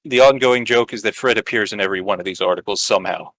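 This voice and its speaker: A man's voice: on the low side, fast, fairly bright tone, low-quality recording. A man co-hosting a podcast, narrating a screenplay-style story and chatting casually. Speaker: podcast co-host. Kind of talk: narrating a script aloud, casual chat.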